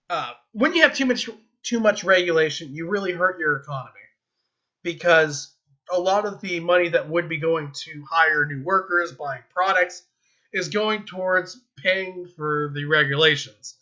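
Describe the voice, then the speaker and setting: Young american guy rambling about politics while gaming, really bright voice, kinda muffled lo-fi mic. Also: sits high. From United States. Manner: rambling, self-interrupting, with chuckles. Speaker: gaming vlogger giving political opinions.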